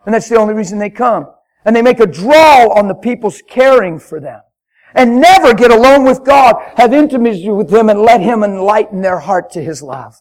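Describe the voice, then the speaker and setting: A man preaching a spontaneous sermon in a church, fervent and emphatic, repeating his phrases and swinging up into loud shouts. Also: high-pitched, expressive, moderate pace. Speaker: traveling preacher. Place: church hall with congregation.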